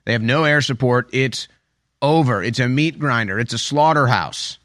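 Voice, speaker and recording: A man's voice: mid-range voice, moderate pace, a bit bright, no room sound. A man delivering a political commentary monologue in a mid-range voice. He talks emphatically and sarcastically, often repeating phrases for effect. It is recorded close and dry, with no room sound.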